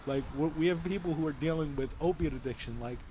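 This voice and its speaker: A fairly high-voiced man tells his story in a relaxed, chatty way, full of energy. He acts out what the other people said and swears freely. There is a faint hiss of outdoor noise behind him. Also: quick pace. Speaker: guest telling his story. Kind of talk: casual chat.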